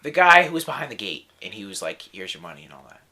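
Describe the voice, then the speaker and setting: A man's voice: lowish voice, big pitch swings, quick pace, pushed and bright. A young man co-hosting a casual film review podcast, rambling enthusiastically with lots of "like" and "dude". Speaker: podcast co-host.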